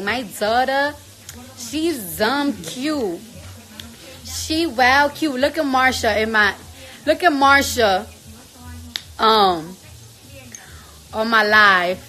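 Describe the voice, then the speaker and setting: High, bright-voiced New woman. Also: poor audio. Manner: loud, blunt and profane; coos at her baby. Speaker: livestream host. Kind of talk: casual livestream chat.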